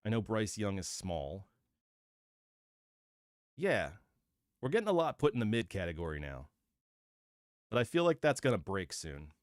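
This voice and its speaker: A man talks through his opinions in a low, smooth, resonant voice. He thinks aloud in a casual solo commentary, with fillers and restarts. The sound is dry and close. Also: very animated, normal speed, pauses often, no room sound. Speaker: host of a football channel.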